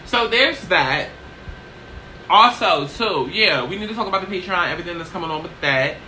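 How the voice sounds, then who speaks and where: A woman chatting casually in a get-ready-with-me vlog, brash and profane, tossing in "okay?" constantly while seated low in a small chair. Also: lively intonation, normal speed, pushed and bright, slight background noise, low-quality recording. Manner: brash, profane, sassy, keeps asking "okay?". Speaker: YouTuber.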